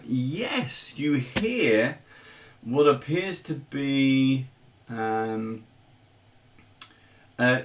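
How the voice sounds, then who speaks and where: A man acting as game master, describing scenes with measured, hesitant pacing. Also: medium pitch, fairly bright tone.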